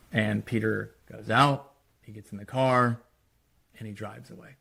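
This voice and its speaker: A man's voice: fairly low pitch, steady tone, measured pace, gravelly, bright, forceful tone, slightly rough. A man, a screenwriter, casually talking through his screenplay treatment scene by scene, with loose phrasing and quoted dialogue.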